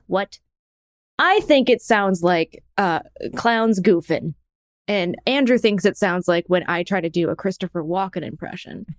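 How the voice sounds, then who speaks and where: A woman co-hosting a casual chat, playful and quick to laugh. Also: medium pitch, no room sound, clean studio sound. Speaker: podcast co-host.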